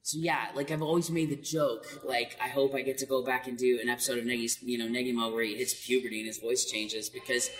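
This voice actor rattles off stories fast with hardly any pauses, his mid-range voice far from the mic. It's a casual interview in an echoey hall with faint noise, and he's animated and laughs a lot.

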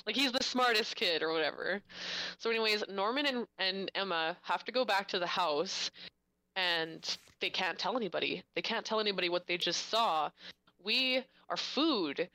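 A woman's voice: mid-range voice, normal speed, sharp tone, no echo, low-quality recording. A woman in casual chat, animatedly recapping a story plot for her co-host.

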